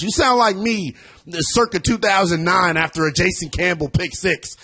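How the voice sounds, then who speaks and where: Emphatic husky sports radio host. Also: male voice, sits high, normal speed, few pauses. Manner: animated, emphatic, loud at times. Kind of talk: sports talk radio monologue.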